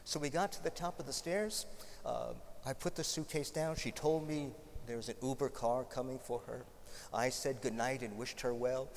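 A man's voice: medium pitch, moderate pace, big-room sound, slight background noise. A male preacher giving a sermon, telling stories in a conversational way with light humorous asides.

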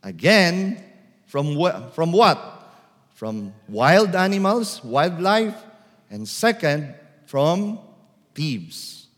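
A man preaching a sermon as a priest, slow and deliberate, sometimes calling out loudly. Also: on the high side, very animated. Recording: long church reverb.

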